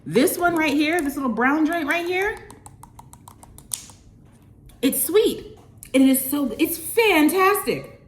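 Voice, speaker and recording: A young woman vlogging at home, gushing with excitement over takeout food and sometimes talking with her mouth full. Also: high voice, takes it slowly, pauses often, echoey room. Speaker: lifestyle vlogger. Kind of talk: casual food review to camera. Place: at home, indoors.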